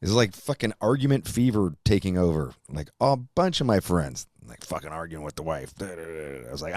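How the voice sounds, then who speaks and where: A middle-aged man hosting a podcast, rambling through a profane, animated monologue. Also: deep voice, brisk, hardly any pauses, dry recording, clean studio sound. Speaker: podcast host. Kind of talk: casual chat.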